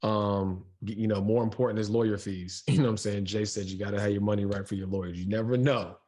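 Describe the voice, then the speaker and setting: A man co-hosting a casual discussion, animated and joking, with quick asides. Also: fairly low pitch. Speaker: podcast co-host.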